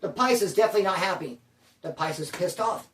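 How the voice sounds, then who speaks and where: A man's voice: sits high, expressive, quick pace, fairly bright tone, recorded from a distance, a little hiss or hum. A man telling a prison story in casual, profane slang, animatedly quoting the people in it. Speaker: storyteller recounting prison life. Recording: roomy, voice from afar.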